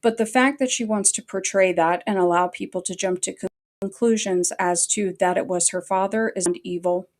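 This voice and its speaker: A woman's voice: medium pitch, fairly even intonation, moderate pace, darkish tone. A woman ranting angrily on a livestream, swearing heavily as she talks. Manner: angry, heavily profane. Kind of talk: livestream rant.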